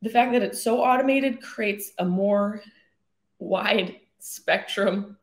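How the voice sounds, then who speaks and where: A woman's voice: mid-range voice, slow, echoey room. A woman hosting her own podcast, rambling through casual jokey stories with plenty of swearing. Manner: chatty, profane, jokey rambling. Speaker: podcast host. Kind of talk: casual solo podcast chat.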